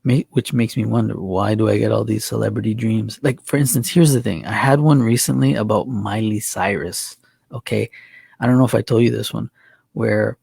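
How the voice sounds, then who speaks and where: Gravelly-voiced man telling a story. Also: mid-range voice, a little mellow, no echo. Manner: rambling, restarts, chuckles between thoughts. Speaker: channel host. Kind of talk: casual conversation, storytelling.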